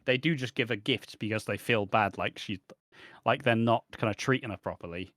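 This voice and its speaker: A man's voice: on the low side, a little fast, fairly bright tone, no room sound. Man, casual podcast co-host, emphatic, dry sound. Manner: swears a lot, emphatic.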